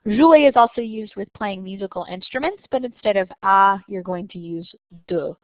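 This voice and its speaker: A woman teacher explaining a lesson patiently and clearly, slowing down to stress each example. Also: medium pitch, dry recording, dull audio. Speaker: French teacher. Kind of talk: recorded lesson narration.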